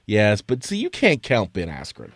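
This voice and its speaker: A man's voice: fairly low pitch, moderate pace, crowd noise. A man co-hosting a sports talk show in casual chat, telling stories with energy and stammering when he is pushed. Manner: animated storyteller, stammers when pressed. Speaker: podcast co-host. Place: studio.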